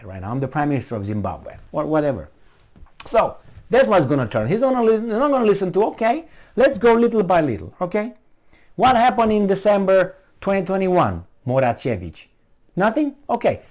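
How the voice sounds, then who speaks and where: A political commentator gives a heated, sarcastic running commentary in a ranting video, mocking and arguing with the people he discusses. His voice is high-pitched and a little mellow.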